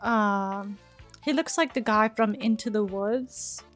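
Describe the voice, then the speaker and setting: Giggly woman streamer, slow drawl. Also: mid-range voice, faint music behind. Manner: giggly, chatty, reacting and bantering with game. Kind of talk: live game streaming commentary.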